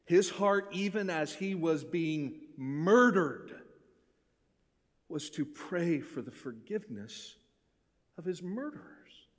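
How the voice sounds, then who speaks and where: A male pastor delivering a sermon, swinging between hushed, intimate passages and forceful, rising appeals. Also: on the high side, animated, slow pace, in a large hall.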